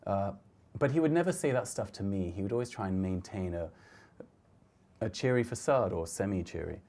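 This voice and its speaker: A middle-aged man giving a reflective talk about his photographs, speaking gently and haltingly with frequent restarts. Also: lowish voice, animated. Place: lecture hall.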